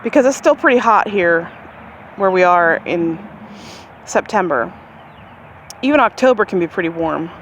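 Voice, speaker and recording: A woman's voice: animated, moderate pace, pauses often, a little hiss or hum. A woman giving a casual, rambling tour of her vegetable garden outdoors, talking to the camera as she walks. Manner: chatty and rambling, talks to her chickens in a high sing-song. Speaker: gardening vlogger. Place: outdoors in a backyard garden near chickens. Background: birds and chickens clucking faintly.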